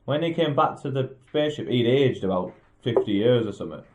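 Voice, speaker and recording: A man's voice: mid-range voice, lively intonation, fairly quick, darkish tone. Easygoing man hosting a film podcast. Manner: easygoing, leads the rating round. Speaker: podcast host. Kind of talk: casual film review chat.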